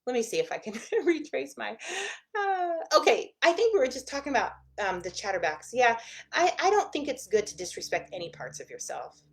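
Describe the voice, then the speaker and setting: A woman therapist teaching in a casual, expressive way, acting out the inner voices of the mind in quick asides. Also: a little high.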